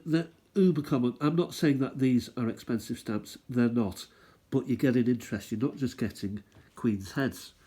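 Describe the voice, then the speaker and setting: Husky man chatting casually. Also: medium pitch, warm tone. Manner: rambling, thinks aloud, easygoing. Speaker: stamp collecting channel host. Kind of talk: casual show-and-tell chat.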